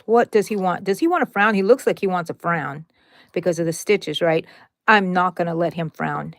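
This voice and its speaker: Woman crochet host, casual and playful, with a bit of vocal fry and a dry, close sound. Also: on the low side, normal speed, no room sound. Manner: chatty and playful, with sound effects and asides to viewers. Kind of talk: casual step-by-step crochet demonstration.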